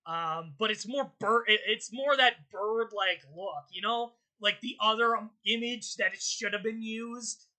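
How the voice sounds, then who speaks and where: A young woman hosting her channel, ranting in casual commentary, exasperated and swearing, her voice jumping high in outbursts. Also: unhurried, few pauses, pushed and bright. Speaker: channel host.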